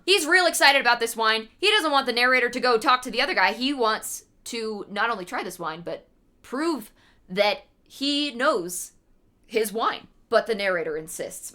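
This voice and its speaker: A woman's voice: on the high side, lively intonation, normal speed, pushed and bright. A woman streamer reading a classic story on a livestream and explaining it in casual asides that are full of "like".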